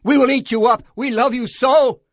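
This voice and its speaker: A man's voice: very high voice, steady tone, normal speed, no room sound, studio quality, voice pushed up. A man voicing a crowd of big, shaggy storybook monsters who plead in raised voices.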